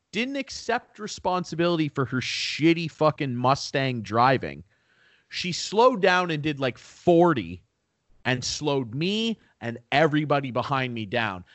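A man from Canada chatting on a podcast, telling a long road-rage story with plenty of swearing. His voice rises and falls in a lively, animated way. The sound is dry and close, with no room around it. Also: fairly high pitch, dry recording. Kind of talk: casual storytelling chat.

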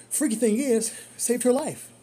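Telling a story in a relaxed monologue, a rideshare driver gets animated and repeats phrases to stress them. The voice is medium in pitch with a breathy edge.

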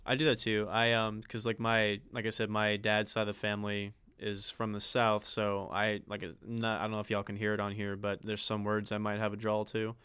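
Male co-host, low and even delivery, rambling casual talk. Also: brisk, hardly any pauses, smooth, no room sound. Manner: rambling, full of "like" fillers. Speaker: podcast co-host. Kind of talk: casual chat.

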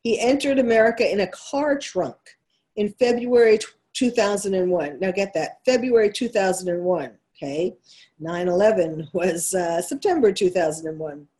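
A talk radio host, a woman whose New York accent colours her speech. She talks straight at her listeners in an emphatic monologue and keeps asking them rhetorical questions. Her voice sits at an ordinary middle pitch for a woman. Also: normal speed, mellow.

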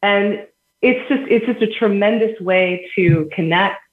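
On an echoey, phone-quality recording, a woman guest on a podcast speaks a little slowly in a mid-range voice. She explains things earnestly with everyday examples and laughs in between.

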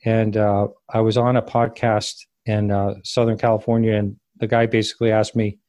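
Halting, self-correcting man in a dry recording. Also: on the low side, flat delivery, a little mellow, no room sound. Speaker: interview guest. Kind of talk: casual spoken recollection.

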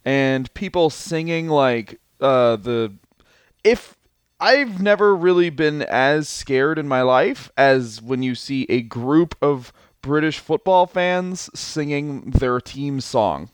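A man's voice: medium pitch, expressive, slow pace, clean tone, no room sound. A man co-hosting a comedy podcast, telling rambling stories with lots of fillers and frequent laughter. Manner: rambling storyteller, laughs often, many fillers. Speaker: podcast co-host. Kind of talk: casual comedic chat.

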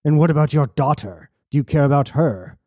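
A man's voice: on the high side, animated, brisk, darkish tone, no echo, studio quality, voice pushed up. A man doing a desperate bound prisoner. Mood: pleading. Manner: urgent, pleading. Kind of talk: audiobook narration.

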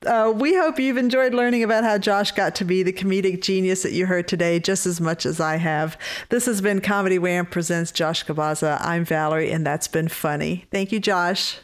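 A woman's voice: lowish voice, normal speed. A woman hosting a podcast interview, reacting with laughs and exclamations before wrapping up. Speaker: podcast host.

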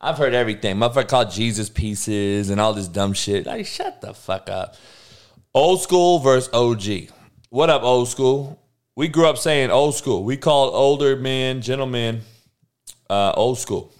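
A man's voice: mid-range voice, moderate pace. Profane slangy podcast host man. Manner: profane, slangy, talks back to chat. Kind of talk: casual live-stream chat.

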